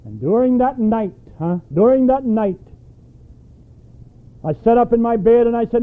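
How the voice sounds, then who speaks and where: A man's voice: extremely high pitch, expressive, normal speed, long pauses, narrow, tinny audio. A man preaching a sermon, emphatic and throwing questions at his congregation.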